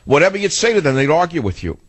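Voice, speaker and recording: A man's voice: fairly high pitch, big pitch swings, fast talker, no room sound. An older man hosting a talk radio show, combative and ranting, arguing with a caller and mocking people. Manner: combative, ranting, mocks others in put-on voices. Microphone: studio mic.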